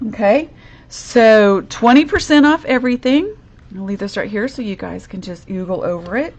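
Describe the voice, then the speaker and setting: A woman walks viewers through a craft project at her desk, chatty and upbeat. Her pitch sits in a middle range for a woman, and she speaks to the audience directly, step by step. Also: lively intonation, normal speed, a little mellow, muffled recording. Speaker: crafting demonstrator. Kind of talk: live crafting demo.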